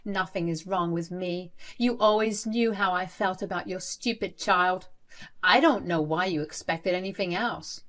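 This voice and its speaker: A woman's voice: fairly low pitch, a little slow, a bit bright. A woman reading as a sneering cold grandmother. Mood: contemptuous. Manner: sneering, dismissive. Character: cold contemptuous grandmother, school principal.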